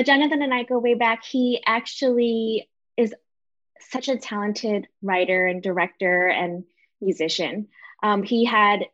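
A woman's voice: mid-range voice, fairly bright tone. A woman, a cast member, chatting casually in a bubbly, upbeat way. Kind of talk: casual chat. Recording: dull lo-fi audio.

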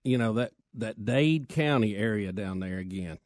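A man's voice: on the low side, lively intonation, normal speed, darkish tone, no room sound, studio quality. A man co-hosting talk radio, wry and drawling, repeating himself for effect. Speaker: radio show co-host. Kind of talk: casual talk radio chat.

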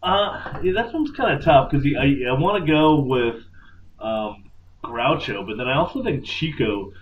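A man co-hosts a casual podcast and rambles easily through his points with plenty of fillers. His pitch is average. A faint hum of room noise sits underneath. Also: animated, unhurried, dull audio. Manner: laid-back, rambling, laughs easily. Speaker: podcast co-host. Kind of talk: casual chat.

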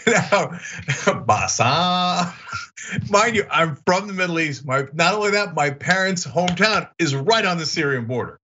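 A man from New Jersey with a New Jersey accent, co-hosting a podcast in casual chat, animated and quick to laugh. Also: a little high, highs cut off, noisy background. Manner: animated, laughing, voices other people mid-story. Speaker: podcast co-host.

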